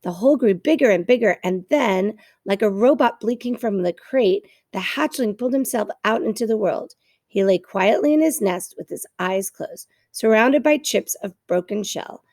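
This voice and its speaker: A woman reading a children's novel aloud in a steady storytelling manner, with occasional small stumbles. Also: medium pitch, normal speed, no room sound, clean studio sound. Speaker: reader.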